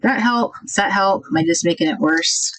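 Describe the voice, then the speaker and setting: A woman hosting a casual craft livestream, thinking out loud and chatting with viewers about their comments. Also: fairly low pitch, moderate pace, a little hiss or hum, low-quality recording. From United States.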